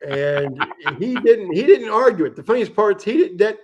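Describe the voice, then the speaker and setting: A man hosting a livestream, telling a fishing story in a casual, animated and profane way. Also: sits high, moderate pace, highs cut off. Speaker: livestream host.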